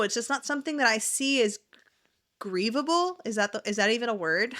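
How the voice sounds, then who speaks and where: A woman's voice: medium pitch, bright, forceful tone. A woman hosting a casual reaction video, talking in a blunt, sarcastic, chatty way.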